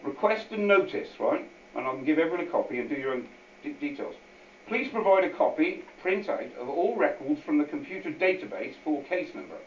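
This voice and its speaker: A man's voice: a little high, expressive, a little fast. Rambling man speaking in an echoey hall. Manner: rambling and repetitive, with many asides. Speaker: guest speaker at a public meeting. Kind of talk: informal unscripted talk. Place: meeting hall with an audience. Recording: echoey, distant, dull hall recording with faint hiss.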